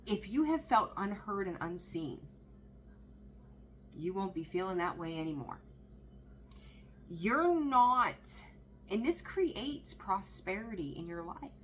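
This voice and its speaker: An excitable woman talks through a tarot reading in a loose, chatty way, often breaking off mid-thought and laughing. Her voice sits at an ordinary middle pitch. A faint hiss of background noise runs under her. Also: rough recording. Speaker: tarot reader. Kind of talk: casual tarot reading to camera.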